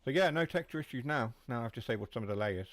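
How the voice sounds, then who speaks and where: A man's voice: mid-range voice, animated, quick pace, a bit bright, no echo. A man streaming a train simulator, chatting casually with his viewers as he drives. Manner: chatty, answers chat while driving. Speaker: game streamer. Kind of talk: live gameplay commentary.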